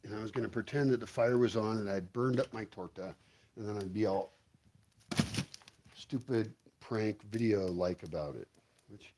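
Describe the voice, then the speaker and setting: A man with a medium-pitched, darkish voice rambles through a casual home vlog, swearing freely as he walks around outdoors. He talks to himself and his dogs, with slight background noise.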